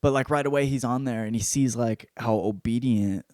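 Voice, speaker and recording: Guy rambling on his podcast, swears nonstop, animated, medium voice, dead dry room. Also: medium pitch, moderate pace, no echo. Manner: profane, rambling, animated storytelling. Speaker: podcast host. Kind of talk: casual solo book-review monologue.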